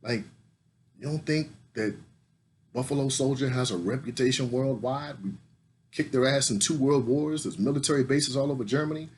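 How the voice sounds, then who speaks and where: An American man telling a story in a casual, comic way, swearing a lot and rising to loud indignation. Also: medium pitch, normal speed, slight background noise. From United States.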